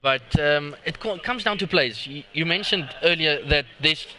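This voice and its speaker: Very bright-voiced excitable co-caster. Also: male voice, on the high side, moderate pace. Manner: excitable, hype-driven. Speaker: esports co-caster. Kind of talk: live esports commentary.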